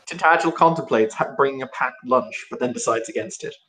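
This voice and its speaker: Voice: mid-range voice, brisk, fairly bright tone, poor audio. A player in a tabletop game, describing their character's actions in a matter-of-fact way. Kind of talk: casual play narration.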